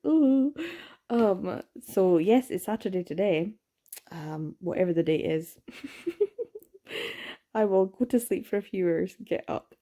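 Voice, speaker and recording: A young woman chatting excitedly in a late-night reading vlog, sleepy with her words slurring, gasping and laughing as she gushes about a book. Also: on the low side. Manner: gushing and excitable, frequent laughs and gasps. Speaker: book vlogger.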